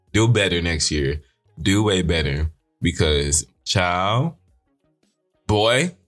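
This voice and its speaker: A man hosting a casual commentary show, animated and sarcastic, swearing often. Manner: animated, sarcastic, swearing, quick pitch swings. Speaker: show host.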